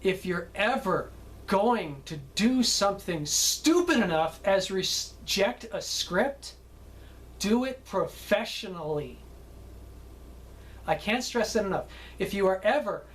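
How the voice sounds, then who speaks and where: A man's voice: sits high, expressive, slow pace, low-quality recording. A film director telling stories from a film shoot in a chatty way, often tagging his sentences with "okay?" and laughing at his own tales. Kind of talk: anecdotal storytelling.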